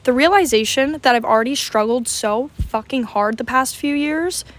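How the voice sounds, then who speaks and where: A woman's voice: sits high, normal speed. A young adult woman vlogger telling a story to camera in a casual, dramatic way, swearing freely.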